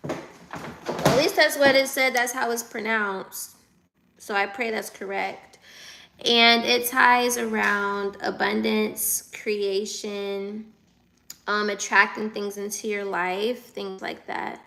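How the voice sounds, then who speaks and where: A young woman in her twenties streams live from her phone, chatting casually and unhurried as she reads out viewer comments. Her slightly high voice has bright, crisp edges with gravelly fry at the bottom. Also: steady tone. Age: 20s. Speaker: livestreamer. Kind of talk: casual livestream chat.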